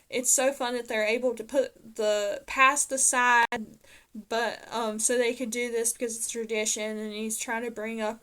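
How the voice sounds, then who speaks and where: A woman with a slightly high-pitched voice recaps a TV episode in a relaxed, chatty way. She retells scene after scene, quoting the characters as she goes. Her talk is full of fillers and quick self-corrections. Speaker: TV episode reviewer.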